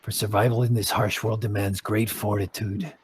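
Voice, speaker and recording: A man's voice: fairly low pitch, level tone, moderate pace, slight background noise, pitched below the performer's own voice, close to an everyday voice. A man voicing a solemn male druid elder who speaks in clipped, grave phrases.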